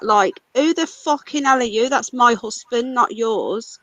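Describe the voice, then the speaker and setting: A woman's voice: fairly high pitch, a little slow, fairly bright tone, no echo, rough recording. A British woman hosting a casual livestream, ranting angrily and swearing a lot. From United Kingdom. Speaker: livestream host.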